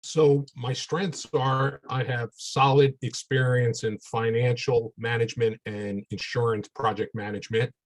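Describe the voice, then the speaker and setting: A man on a video call answering a mock job interview question in a measured, deliberate way. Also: mid-range voice, steady tone, rough recording. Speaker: webinar participant in a mock interview.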